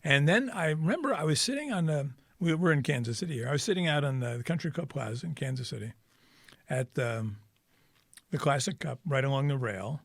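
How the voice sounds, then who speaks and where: A man's voice: a little high, expressive, fairly quick, gravelly, dry recording, clean studio sound. A man co-hosting a casual podcast, a wry, joking storyteller who keeps the chat moving. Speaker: podcast co-host. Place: Kansas City.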